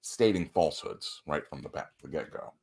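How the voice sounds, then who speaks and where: Deep-voiced, pedantic American man. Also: expressive, normal speed, darkish tone. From United States. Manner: dry, pedantic commentary. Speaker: stream co-host.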